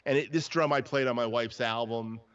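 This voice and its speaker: Brisk and fairly even in intonation, this mid-range male voice belongs to a New Jersey drummer hosting a relaxed live show about drumming. He wanders through long anecdotes with frequent restarts, heard through dull, lo-fi stream audio.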